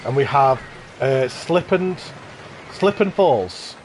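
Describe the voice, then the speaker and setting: A man's voice: medium pitch, lively intonation, slow pace, a little hiss or hum. Enthusiastic man hosting a live park tour. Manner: enthusiastic, effusive praise. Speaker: livestream host touring contest parks. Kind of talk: casual live commentary.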